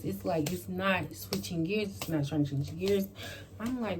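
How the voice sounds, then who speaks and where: A woman vlogger in her bedroom telling a casual storytime to camera, animated and peppered with "like" and swearing. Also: on the low side, brisk, slight background noise. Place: bedroom at home.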